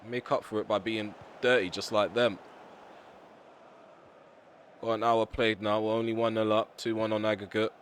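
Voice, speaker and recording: A young man commentating his own football video game, ranting bluntly at his players with a voice going hoarse. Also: fairly low pitch, level tone, normal speed, long pauses, a little hiss or hum. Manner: frustrated, ranting, blunt with mild swearing. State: voice getting hoarse. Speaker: gaming YouTuber. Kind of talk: live gameplay commentary.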